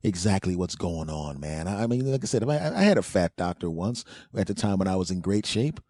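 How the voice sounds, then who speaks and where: A man's voice: deep voice, lively intonation, fairly quick, dark tone, no echo. A man hosting a podcast, rambling through a comic story and acting out the quotes in exaggerated voices. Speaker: podcast host. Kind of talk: comedic storytelling monologue.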